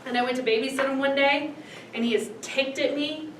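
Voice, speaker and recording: A woman with a fairly high voice tells stories to a class, acting out other people's voices as she goes. She sounds a little far from the mic, and the room adds echo and faint background hum. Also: a little fast. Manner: animated storytelling that acts out other people's voices. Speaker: speaker on autism and families. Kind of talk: storytelling lecture. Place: lecture room.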